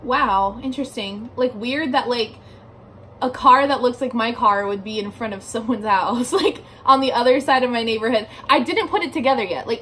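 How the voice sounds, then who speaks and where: Chatting from her bedroom in a casual vlog, a young woman tells a story packed with "like" and offhand swearing. She sounds a little high and a bit bright, and faint background noise can be heard.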